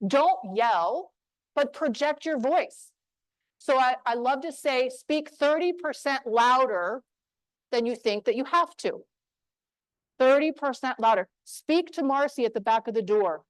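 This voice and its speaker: A woman from New Mexico giving a motivational talk on voice skills to a live audience, emphatic and punchy with deliberate pauses. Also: high-pitched, animated, no room sound, rough recording. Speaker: speaker on voice skills. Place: room with an audience.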